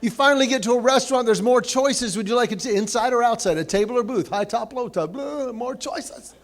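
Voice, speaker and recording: A man's voice: very high voice, brisk. A man giving a humorous after-dinner speech at a banquet, telling folksy stories with comic asides. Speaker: banquet speaker.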